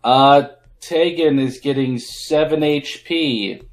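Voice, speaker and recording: A man running a tabletop game as game master, talking in halting bursts full of fillers. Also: on the high side.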